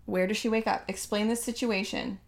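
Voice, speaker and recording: A woman co-hosting a podcast in casual chat, excitable and swearing a lot. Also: medium pitch, a little fast, gravelly. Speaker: podcast co-host.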